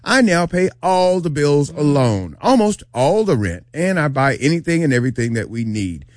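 A man co-hosting a radio show, chatty, reading a listener's letter aloud and adding quick asides. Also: on the high side, very animated, dry recording, studio quality. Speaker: radio co-host.

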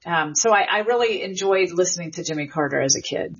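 Husky woman linguist, explaining eagerly. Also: fairly low pitch, lively intonation, brisk. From American South. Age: middle-aged. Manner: enthusiastic, explanatory, with fillers. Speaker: linguist guest. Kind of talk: interview answers, explanatory. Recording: dull lo-fi audio.

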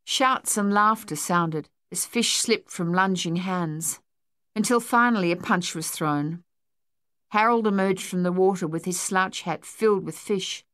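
A woman narrating a novel in a measured storytelling manner, close to the microphone. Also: fairly low pitch, a bit bright, no echo. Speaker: audiobook narrator. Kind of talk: scripted narration.

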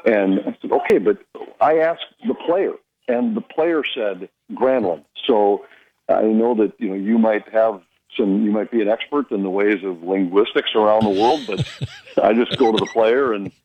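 A man who works as a hockey broadcaster, chatting casually on a radio show and telling anecdotes with quick imitations of the people he quotes. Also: on the low side, dull audio, a little hiss or hum. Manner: storytelling, mimics others' voices in quotes.

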